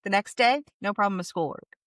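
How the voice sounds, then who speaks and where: A woman hosting a podcast, chatting in an animated way and telling a story about her family. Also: mid-range voice, fairly quick, no echo, clean studio sound. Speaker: podcast host. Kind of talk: conversational podcast interview.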